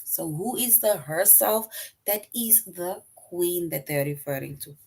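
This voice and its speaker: A woman's voice: on the low side, moderate pace, slightly rough, rough recording. A woman teaching a recorded grammar lesson, explaining step by step, repeating her example sentences and often checking in with "right?".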